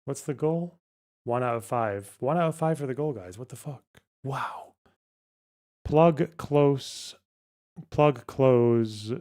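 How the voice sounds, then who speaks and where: The speaker is a man running a relaxed livestream, working through a word puzzle out loud, muttering and sometimes swearing. His voice sits at medium pitch with a darkish tone, and his pace is slow.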